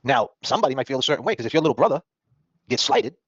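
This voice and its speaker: A man rattles off his true-crime commentary at breakneck speed, his pitch swinging widely as he acts out quotes. The sound is dry and a little dull, like a low-fi stream. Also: husky, no room sound. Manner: rapid, animated, acts out quoted people in put-on voices. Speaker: podcast host.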